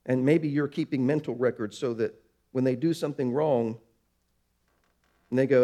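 A pastor preaches a sermon, slowing down for emphasis and moving between soft, low lines and louder, higher ones.

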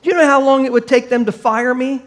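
A man preaching a sermon to a congregation, acting out quoted complainers in animated bursts. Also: very high voice, fast. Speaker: pastor.

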